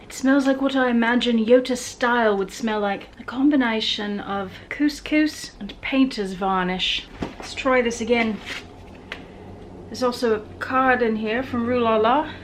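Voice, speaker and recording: A woman's voice: on the high side, unhurried, slight background noise. A woman vlogging casually at home, chatting to the camera and cooing at her pets in a sing-song voice. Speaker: lifestyle vlogger. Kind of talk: casual home vlog chat.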